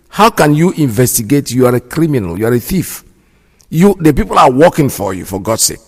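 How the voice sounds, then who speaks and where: A man's voice: on the high side, very animated, brisk. A man hosting a radio show, giving indignant, preachy commentary and repeating himself for emphasis. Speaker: radio host. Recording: long hall reverb.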